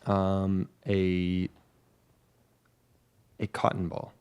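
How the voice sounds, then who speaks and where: A young man with a lowish voice chatting on a podcast. He drops dry, offhand jokes and one-liners in a relaxed, casual way. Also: drawn-out words, clean tone. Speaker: podcast co-host. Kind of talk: casual chat.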